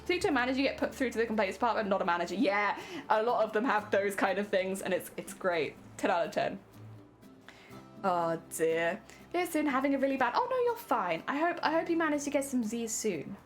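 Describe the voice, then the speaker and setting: A woman's voice: mid-range voice, fairly quick, soft background music. A young adult woman chatting casually during a crafting stream, laughing often and repeating words as she talks. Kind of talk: casual chat while crafting.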